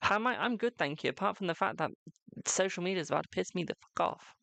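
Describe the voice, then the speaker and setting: A British man with a gravelly, creaky voice, chatting casually on a live stream. He is talkative and self-mocking and swears now and then. The sound is dry and close, with no room echo. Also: sits high, fast, fairly bright tone. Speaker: tarot reader and live streamer.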